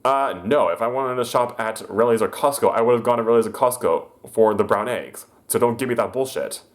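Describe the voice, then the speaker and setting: A man voicing an irate, foul-mouthed elderly woman shopper who rants and swears in a shrill voice. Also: animated, fairly quick, close to an everyday voice. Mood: scornful.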